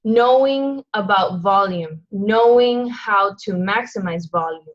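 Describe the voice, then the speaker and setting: A woman's voice: medium pitch, takes it slowly, muffled recording. A woman leading a motivational team call, earnest and emphatic, firing off rhetorical questions. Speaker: team leader on a coaching call. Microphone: phone or conference line.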